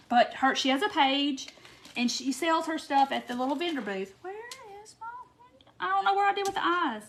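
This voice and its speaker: A woman's voice: high voice, expressive, normal speed, a bit bright, a little hiss or hum. A woman, chatting in a casual craft livestream while she works and tells stories to her viewers. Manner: chatty, storytelling, says "y'all". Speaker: craft host.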